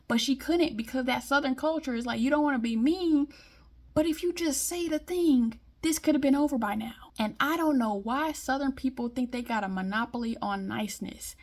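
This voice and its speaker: Blunt, higher-pitched woman ranting. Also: normal speed. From Detroit, US Midwest. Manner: blunt, emphatic, conversational. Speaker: vlogger. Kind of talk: casual monologue commentary.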